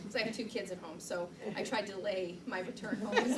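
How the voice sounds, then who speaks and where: A woman's voice: mid-range voice, sing-song, brisk, few pauses. A middle-aged woman giving a live public speaking training, chatty and self-deprecating, laughing often as she demonstrates poses. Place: meeting room, recorded from the back. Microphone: far camera mic. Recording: roomy, distant and noisy room recording.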